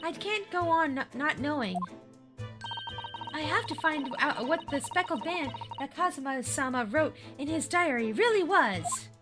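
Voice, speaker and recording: A woman's voice: high-pitched, lively intonation, measured pace, music in the background, voice pushed up. A woman voicing a courteous, earnest young female assistant, reading game dialogue aloud in a formal manner.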